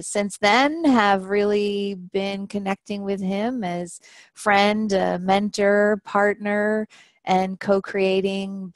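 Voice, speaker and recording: Slow-speaking woman author, dry sound. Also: mid-range voice, a little mellow, no room sound. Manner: thoughtful, hesitant with fillers. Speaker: guest author. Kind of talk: interview answers.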